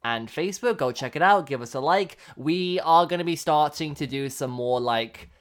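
A man's voice: a little high, moderate pace. A young man co-hosting a relationship podcast, chatting casually with lots of fillers and frequent laughs. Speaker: podcast co-host. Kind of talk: casual chat.

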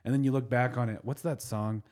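Fast-talking rambling male podcast host. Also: mid-range voice, steady tone, darkish tone. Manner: rambling, trails off and restarts often. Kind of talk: casual podcast chat.

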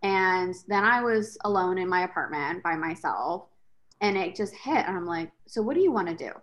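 A woman guest in a casual podcast chat, candid and expressive, swearing freely as she tells her story. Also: lowish voice, moderate pace.

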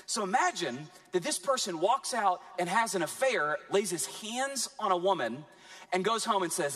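A man preaching a sermon as pastor, animated, with dramatic pauses and emphatic build-ups. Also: high voice.

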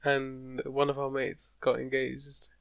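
A man's voice: medium pitch, completely flat delivery, slow pace, vocal fry. Laid-back young man chatting. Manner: laid-back banter with frequent laughter and swearing. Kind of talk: casual chat.

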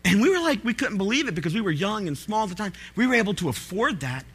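A man, a pastor, preaching a sermon and telling stories with animated, loud bursts of pleading. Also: high-pitched, fast, breathy edge.

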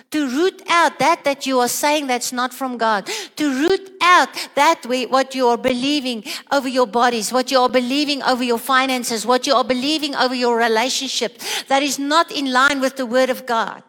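Woman preacher, high voice, earnest rhetorical questions, sermon, long hall reverb. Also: fairly bright tone.

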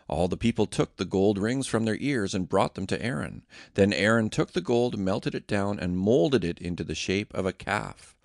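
A man reading scripture as narrator in a measured, dramatic way. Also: lowish voice, animated, creaky, no room sound, studio quality.

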